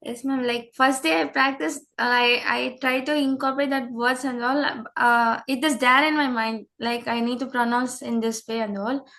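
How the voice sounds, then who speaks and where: A female student with a fairly high voice answers her teacher in an online class. She speaks politely but hesitantly and fills her pauses. The sound comes through a video call. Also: steady tone, pushed and bright. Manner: hesitant, polite, many fillers.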